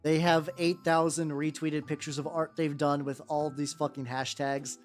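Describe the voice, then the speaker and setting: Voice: medium pitch, level tone, moderate pace. A miniature painting streamer chatting casually on a live stream, rambling with many fillers and self-restarts. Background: faint background music.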